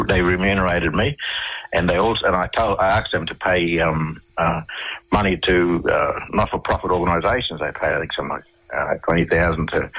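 A middle-aged Australian man telling stories as an interview guest, halting and restarting his sentences often. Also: deep voice, a bit bright, breathy edge, poor audio. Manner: halting, with many restarts and repeated words. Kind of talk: storytelling in a radio interview.

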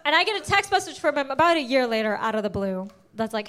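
High-voiced brash woman doing stand-up. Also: sing-song, fairly bright tone, clean tone. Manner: brash, crude, quick punchlines with self-mockery. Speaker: stand-up comedian. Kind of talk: stand-up comedy set. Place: comedy stage before a laughing audience.

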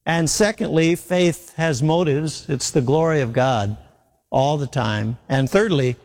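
A man's voice: fairly high pitch, measured pace, a little mellow, big-room sound. A man preaching a sermon in an earnest way, repeating his key phrases for emphasis.

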